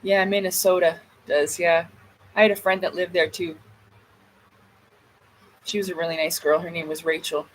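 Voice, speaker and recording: A woman's voice: on the low side, fairly even intonation, moderate pace, pauses often, slight background noise, low-quality recording. A woman in her thirties chatting on a livestream, telling a funny story, laughing and catching herself swearing. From Canada. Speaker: livestream vlogger. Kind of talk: casual storytelling chat. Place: home, by a door while smoking.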